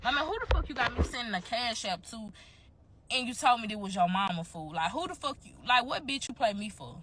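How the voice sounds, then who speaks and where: A woman's voice: fairly high pitch, lively intonation, fairly quick, background noise. A young woman telling a candid, profane story to her viewers in a casual, chatty way.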